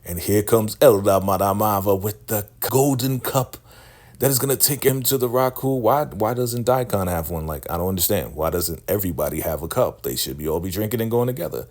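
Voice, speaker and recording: A young adult man giving a casual, animated TV episode recap. He calls his audience family and acts out quotes. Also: fairly low pitch, a little fast. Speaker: TV recap YouTuber.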